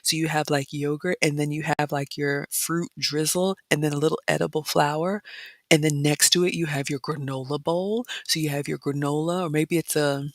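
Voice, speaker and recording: A woman vlogger chatting casually and reading viewer comments, dropping into excited whispers. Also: sits low, moderate pace, no room sound. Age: adult mother. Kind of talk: casual chat narrating photos, reading live comments.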